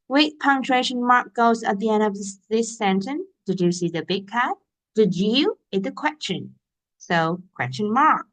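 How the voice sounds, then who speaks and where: A woman English teacher walking young learners through a workbook, patiently naming each step and punctuation mark. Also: mid-range voice.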